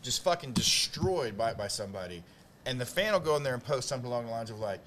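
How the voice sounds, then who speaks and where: A man co-hosting a podcast in casual chat, ranting in an animated, profane way. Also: medium pitch, fast talker. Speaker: podcast co-host.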